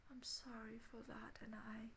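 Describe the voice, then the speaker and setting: Give me whispered role-play of a tender, sorry parent, as a woman puts it on, slow and a bit high. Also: little pitch movement, gravelly, slight background noise. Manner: soft whisper, pleading. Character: gentle loving parent, tender and apologetic.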